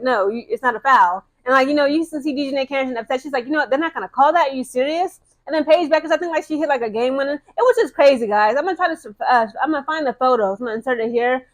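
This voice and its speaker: A young woman vlogger chatting excitedly to her viewers about women's basketball, full of slang and fillers. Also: sits high. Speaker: sports vlogger. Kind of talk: casual chat to camera.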